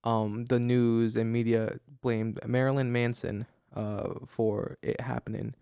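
Give me a tired young man hosting a casual talk, gravelly and rambling, with a dry close sound. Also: medium pitch, flat delivery, a little slow, dark tone, no room sound. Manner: rambling, many restarts and fillers. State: tired, yawning. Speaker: podcast host. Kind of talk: casual chat.

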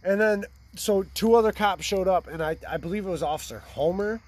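A man's voice: sits high, brisk. A man in his twenties telling a rambling, profane story in casual chat by a fire. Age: 20s. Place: outdoors by a fire.

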